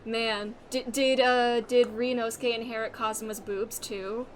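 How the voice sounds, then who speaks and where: A young adult woman streaming a game, chatting excitably with giggles and loud outbursts. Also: on the high side, a little slow, a little hiss or hum. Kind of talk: live game commentary.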